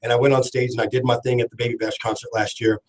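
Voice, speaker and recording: Husky-voiced man hosting a talk radio show. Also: medium pitch, very fast, rough recording. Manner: rambling, laughing, animated storytelling. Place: radio studio.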